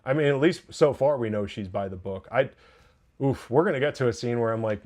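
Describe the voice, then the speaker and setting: A young man talks through a crime show episode on his own podcast, chatty and eager, often laughing mid-sentence and doubling back on himself. His voice sits at an ordinary middle pitch for a man. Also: a little fast. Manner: chatty and excitable, laughs often, restarts and digresses. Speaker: podcast host reviewing a TV episode. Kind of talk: casual solo review talk.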